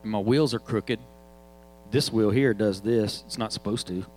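A man's voice: on the low side, moderate pace, a little mellow, soft background music, poor audio. A man, preaching in a casual, joking storytelling way. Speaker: guest preacher. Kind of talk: sermon storytelling.

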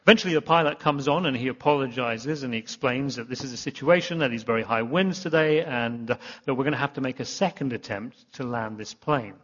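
A man's voice: mid-range voice, brisk, hardly any pauses, fairly bright tone. A man giving a sermon as a pastor, telling a rambling, self-deprecating story full of restarts. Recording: long reverb, muffled hall sound.

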